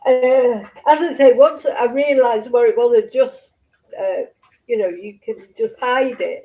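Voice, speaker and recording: Upset aussie woman on a live stream, bit teary, swears, nervous little laughs, highish voice. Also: unhurried, highs cut off. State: tearful. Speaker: true crime streamer. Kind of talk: casual live-stream chat.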